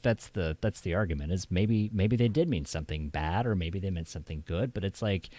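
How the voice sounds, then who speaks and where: A man's voice: on the low side, a little mellow, no room sound. A man hosting a casual stream chat who rambles, restarting his thoughts often. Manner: rambling, heavy with fillers and restarts. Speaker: streamer host.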